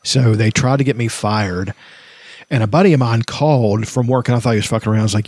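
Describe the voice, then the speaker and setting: A man's voice: on the low side, quick pace, darkish tone, husky, no echo. A man co-hosting a casual podcast who tells heated, profane stories about bad jobs. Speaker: podcast co-host. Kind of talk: casual chat.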